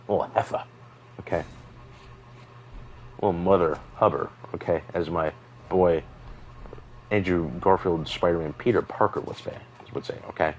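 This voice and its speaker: A man's voice: low voice, fairly even intonation, a little fast, long pauses, darkish tone, slight background noise, low-quality recording. A young man rambling through a personal story while playing a video game, full of fillers and asides. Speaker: gaming streamer.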